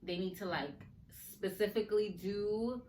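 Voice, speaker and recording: A woman hosting a casual podcast, chatty and animated, laughing often and talking to listeners in slang, her speech a little slurred from a sore mouth. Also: mid-range voice, unhurried, a little hiss or hum. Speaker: podcast host. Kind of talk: casual chat. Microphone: recorded on video for a podcast. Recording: roomy echo, faint ambience.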